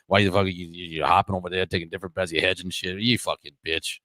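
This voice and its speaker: A man voicing a hotheaded Boston neighborhood loudmouth in a comedic improv bit, ranting profanely with a Boston accent. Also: low-pitched, fairly even intonation, fast talker, no room sound, pitched below the performer's own voice. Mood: taunting.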